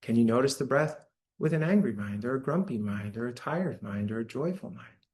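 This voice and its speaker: A man gives a dharma talk to a live audience in a church hall. He speaks in a relaxed, conversational way, often checking in with the listeners. His voice sits at an ordinary middle pitch. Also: fairly quick. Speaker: meditation teacher.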